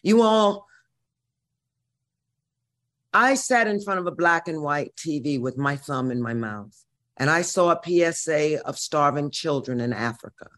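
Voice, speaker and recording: 60s lady from missouri, brassy and profane, drawls her stories out slow. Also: sits low, lively intonation, fairly bright tone. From Missouri, USA. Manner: brassy, profane, dramatic storyteller. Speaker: guest. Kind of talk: storytelling interview.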